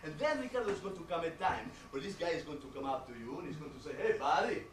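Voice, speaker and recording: A man's voice: a little high, big pitch swings, fast talker. A man performing a comic phone skit in an anxious, exasperated way. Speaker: comedy sketch performer. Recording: echoey room, distant mic, noisy.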